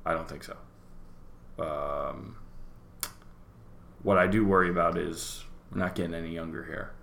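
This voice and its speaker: A man's voice: low-pitched, fairly even intonation, a little slow, creaky, a bit bright, slight background noise. A man co-hosting a casual podcast, talking bluntly and sardonically with plenty of swearing. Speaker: podcast co-host. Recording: roomy echo.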